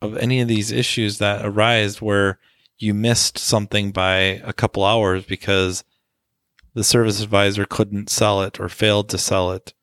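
A man's voice: fairly low pitch, flat delivery, moderate pace, a bit bright, dry recording, studio quality. A man co-hosting a podcast about the auto repair trade, talking in a loose, rambling way with lots of "you know" fillers. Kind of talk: casual discussion.

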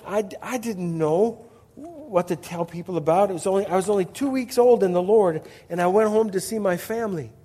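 A male pastor with a high voice preaching with emphasis, leaning on rhetorical questions and personal stories. His voice rings out under a long hall reverb. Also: mellow. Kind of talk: sermon.

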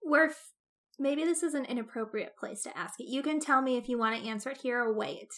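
A woman's voice: high-pitched, fairly quick, a bit bright. A young woman chatting casually about film adaptations, curious and asking playful questions.

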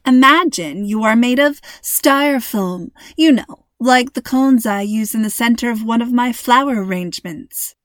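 A woman narrator reads a storybook, voicing a cheerful, playful mother who is warm and teasing, in a slightly high, natural voice. She speaks at normal speed with hardly any pauses, and the recording is dry and close with no echo.

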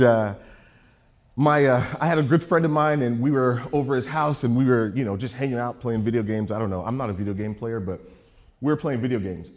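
Man, preacher, storytelling sermon, joking, very lively pitch.

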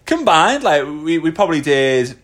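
A man's voice: a little high, very animated, normal speed, a bit bright. A man co-hosting a casual podcast, chatty and laughing, with many fillers and restarts, speaking close to a phone mic. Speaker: podcast co-host. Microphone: phone held close.

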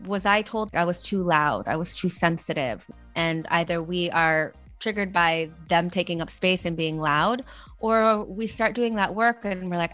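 Earnest, explanatory woman guest with a slightly low voice, faint music in the background. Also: measured pace, a bit bright. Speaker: parenting course co-founder, guest. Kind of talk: casual conversational interview.

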